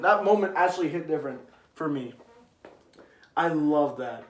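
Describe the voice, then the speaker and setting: A man's voice: on the high side, normal speed, long pauses. Rambling young man in an echoey room. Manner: rambling, restarts, grows excited and loud. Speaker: anime commentator. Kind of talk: casual ranking chat.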